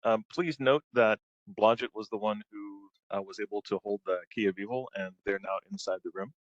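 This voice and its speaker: A man narrating as game master of a tabletop game, unhurried and full of ums and uhs. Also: fairly low pitch, no echo, lo-fi sound.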